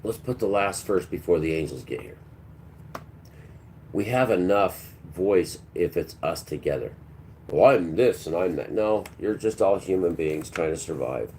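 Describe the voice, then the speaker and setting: A man's voice: low voice, animated, unhurried, darkish tone, slight background noise. A man hosting a livestream, delivering a preachy, combative monologue and talking back to his chat. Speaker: livestream host.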